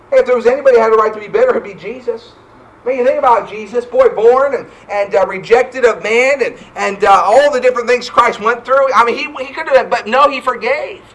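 Male pastor, very high-pitched, fervent sermon delivery. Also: fairly bright tone, poor audio. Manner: fervent preaching with repeated "hey" and scripture quotes.

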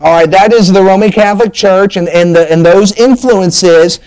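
High-voiced chatty preacher. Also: male voice, normal speed, darkish tone, poor audio. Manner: folksy, chatty preaching with frequent "all right?" asides. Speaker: pastor. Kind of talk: sermon.

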